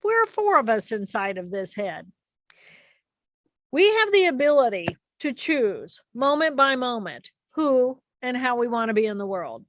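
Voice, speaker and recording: A woman giving an explanatory talk to an audience, animated and repeating key phrases for emphasis. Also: on the high side, a little slow, no echo, clean studio sound. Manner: animated, acts out inner voices and repeats phrases. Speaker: speaker presenting to an audience.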